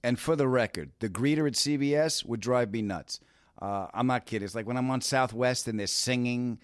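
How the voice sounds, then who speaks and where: A man's voice: mid-range voice, a little fast, no room sound. A man hosting a podcast in casual chat, joking in a wry, self-described cranky way into a studio microphone. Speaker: podcast host.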